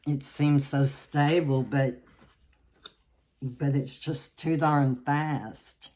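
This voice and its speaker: A woman from the South, giving a tarot reading in a slow, halting way with many restarts. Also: extremely low pitch, dark tone. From Southern United States. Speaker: tarot reader.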